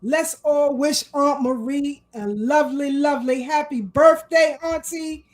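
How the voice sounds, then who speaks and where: A woman hosting a casual live talk show, animated and fired up, greeting her viewers with shout-outs. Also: high-pitched, measured pace, poor audio. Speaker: host.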